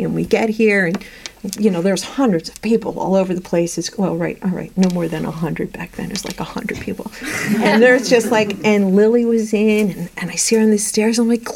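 A middle-aged woman gives a sermon in a meeting room, talking earnestly and conversationally. Her voice is mellow and warm, at a middle pitch. A faint hiss sits under the recording. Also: normal speed, gravelly, low-quality recording. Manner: earnest, conversational preaching with lively anecdotes. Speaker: Bible teacher. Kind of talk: sermon to a women's group.

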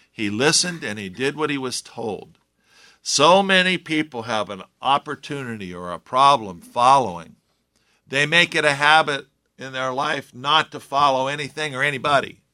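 A man's voice: medium pitch, expressive, a little slow, bright, forceful tone. A man preaching a sermon in a conversational way, with joking asides to his listeners. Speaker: pastor.

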